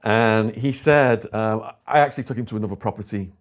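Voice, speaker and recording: A lowish-voiced man with an English accent, from England, speaks a little fast. Appearing as an interview guest, he brings his story to life by performing other people's quoted lines.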